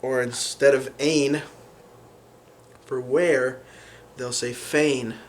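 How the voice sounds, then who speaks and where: A man talks through a language lesson at a slow, deliberate pace, and his voice sits at an ordinary middle pitch. He stops often to think, filling gaps with "um" before each new example. A faint background hiss runs under the recording. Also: fairly even intonation. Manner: unhurried, many fillers and restarts while explaining. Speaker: language teacher.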